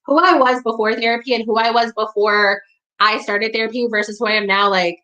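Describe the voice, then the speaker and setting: A young woman from the New York area speaking candidly in conversation, blunt and profane, with a steady stream of "like" and "you know". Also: on the high side, brisk, dull audio. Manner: blunt, profane, heavy use of "like".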